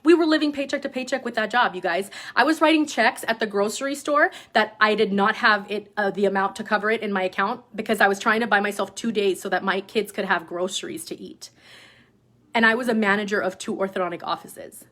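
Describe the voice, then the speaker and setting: A woman talks straight to her team in a loose, lively storytelling voice. Her pitch sits in the middle range for a woman. She fills her sentences with "like" and "right?" and slips into other voices when she quotes people. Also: a little fast. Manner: animated, lots of "like" and "right?". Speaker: direct-sales team leader. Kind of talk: casual motivational storytelling.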